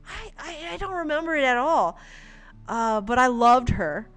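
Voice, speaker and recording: A woman's voice: a little high, moderate pace, fairly bright tone, clean tone, soft background music. A woman streaming her comic art, chatting casually in a rambling, giggly way. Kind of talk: casual livestream commentary.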